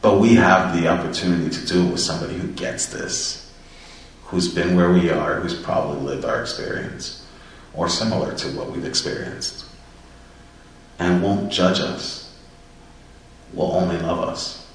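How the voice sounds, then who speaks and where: Deep-voiced man telling his recovery story. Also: normal speed, pauses often, slight background noise. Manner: earnest and reflective. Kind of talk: personal storytelling. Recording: very echoey room, distant mic.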